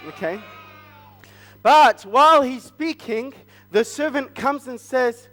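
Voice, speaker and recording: A man retelling a Bible story at a church family service, asking the children animated, coaxing questions. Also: very high voice, slow pace, long reverb tail. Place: church hall.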